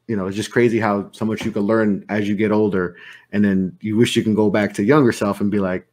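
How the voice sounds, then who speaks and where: A young man hosting a podcast, his voice sitting a little low. He talks in an easygoing, reflective way, with plenty of fillers. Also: flat delivery, fairly quick, a little mellow. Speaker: podcast host. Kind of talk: casual podcast conversation.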